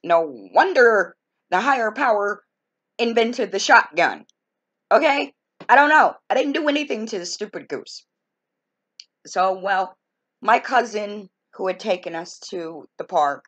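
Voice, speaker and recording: A woman's voice: on the low side, fairly bright tone, lo-fi sound. A woman telling a story from her own life in a casual, folksy, exasperated way, full of colorful expressions. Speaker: storytelling vlogger.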